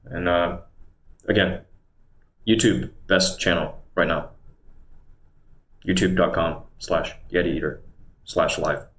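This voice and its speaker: A man's voice: low-pitched, steady tone, slow pace, pauses often, a bit bright. A man chatting casually on a livestream, rambling and muttering to himself as he goes, in a room at home. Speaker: live streamer. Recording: roomy echo with faint background hum.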